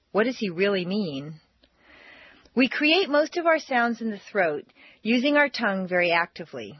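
A woman with an American accent reads scripted narration as an accent coach, with a husky voice and melodic, exaggerated intonation in her examples. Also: on the high side, dry recording, highs cut off.

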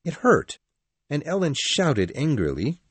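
A man narrating a storybook in a measured, expressive reading. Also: a little high, slightly rough, no echo.

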